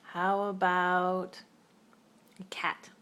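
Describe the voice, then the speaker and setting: A mother speaking to her toddler at lunch at home, asking gentle questions and making playful animal noises to coax the child along. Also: on the low side, monotone, extremely slow, clean tone. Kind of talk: coaxing a toddler to make animal sounds.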